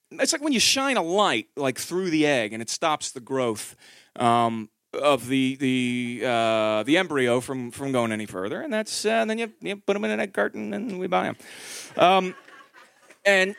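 Animated high-voiced man doing stand-up. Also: creaky, dry recording, studio quality. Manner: animated storytelling, acts out quotes, swears. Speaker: stand-up comedian. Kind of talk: stand-up comedy set.

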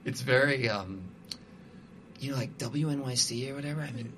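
Musician guest, male, bright voice, loose rambling talker full of fillers. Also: medium pitch, moderate pace, a little hiss or hum. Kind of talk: casual conversation.

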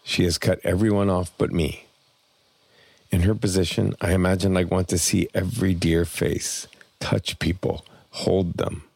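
A man reading a personal memoir aloud in plain, measured first-person storytelling. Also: low-pitched, little pitch movement, vocal fry, darkish tone, slightly rough, dry recording. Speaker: memoir narrator.

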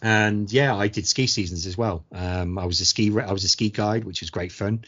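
A man's voice: fairly low pitch, normal speed, a bit bright, dull audio. A middle-aged man co-hosting a podcast, telling stories in a casual chat and acting out quoted voices. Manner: storytelling, acts out quoted voices. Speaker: podcast co-host.

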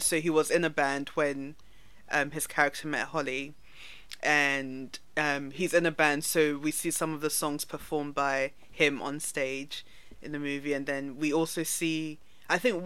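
A woman co-hosting a casual film-review podcast, explaining things in a relaxed way with frequent ums. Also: low voice, clear, resonant tone, no echo. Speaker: podcast co-host.

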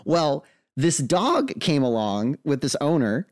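A man co-hosting a podcast, telling a funny parenting story in a playful, animated way. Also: mid-range voice, moderate pace, no echo, studio quality. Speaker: co-host, father. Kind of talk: casual storytelling.

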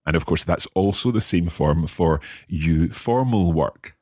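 A man's voice: low-pitched, unhurried, a little mellow, dry recording, clean studio sound. A British man hosting a podcast language lesson, guiding learners patiently with wry puns. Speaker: language course host.

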